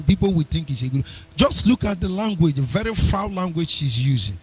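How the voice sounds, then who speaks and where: A man's voice: on the high side, animated, brisk, few pauses, husky. A man hosting a live internet radio talk show, combative and mocking, breaking into sing-song asides. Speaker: radio host.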